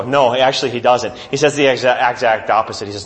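A man teaching a Bible lesson to a class with handouts, retelling the story in an animated, conversational way. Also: mid-range voice, a little fast, hardly any pauses, roomy sound.

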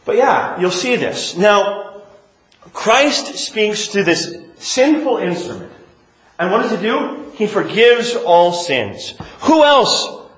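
An animated male pastor with a fairly high voice gives a conversational teaching sermon, posing questions and answering them himself. He swings between emphatic and quiet. His voice rings through a very echoey church. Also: takes it slowly.

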